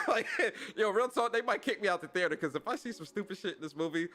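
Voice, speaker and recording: Slangy, lively male podcast host. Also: high voice, fast, soft background music. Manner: energetic, slangy shout-outs to chat. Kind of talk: casual livestream chat.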